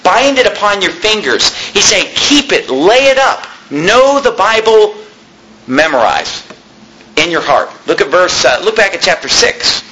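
A middle-aged male pastor preaches with a bright, forceful voice pitched a little high. He leans on key phrases, slowing down to stress them. A faint hiss of background noise sits under the recording. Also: big pitch swings, low-quality recording. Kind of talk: sermon.

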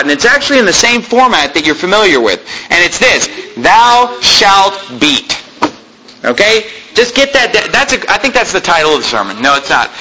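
High, lively-voiced man preaching. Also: a little hiss or hum, poor audio. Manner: emphatic preaching with asides to the congregation. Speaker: pastor. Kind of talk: sermon.

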